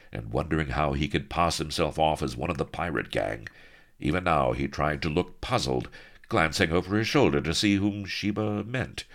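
A man's voice: extremely low pitch, creaky, a bit bright. A man reading a comic adventure story aloud with wry, mock-heroic narration.

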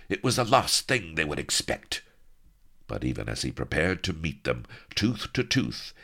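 A man's voice: extremely low pitch, a bit bright. A man reading a comic adventure story aloud with wry, mock-heroic narration.

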